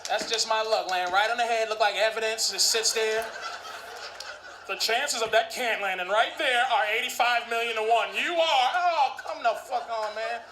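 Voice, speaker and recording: Profane high-voiced stand-up comedian. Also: male voice, normal speed, sharp tone. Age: 30s. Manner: profane, conversational, mumbled asides. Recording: echoey club recording with noise.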